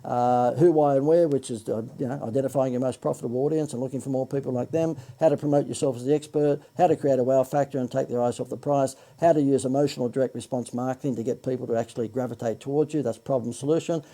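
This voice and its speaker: Gravelly, dark-voiced Australian man pitching. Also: fairly even intonation, fast, hardly any pauses. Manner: chatty, joking asides, frequent "uh" and self-corrections. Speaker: marketing coach hosting a livestream. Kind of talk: Facebook Live sales pitch.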